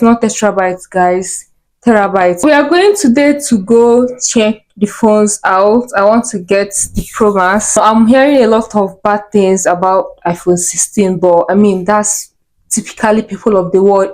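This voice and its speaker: A woman's voice: medium pitch, darkish tone, low-quality recording. Chatty, hyper young woman vlogging. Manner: chatty, hyper, laughs easily. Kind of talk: casual chat to camera. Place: at home indoors.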